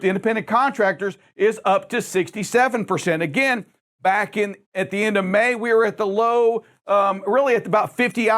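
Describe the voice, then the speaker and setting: A man's voice: high-pitched, fairly bright tone. A man hosting a trucking safety show, talking emphatically and speaking straight to drivers, often repeating words as he goes. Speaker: show host.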